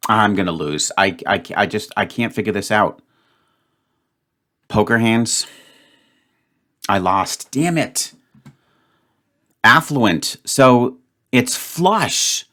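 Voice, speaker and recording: A man's voice: on the low side, expressive, takes it slowly, pauses often, bright, forceful tone. Frustrated man thinking aloud over puzzles. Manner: thinks aloud, frustrated, muttering self-talk. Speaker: word puzzle channel host. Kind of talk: solo puzzle-solving commentary.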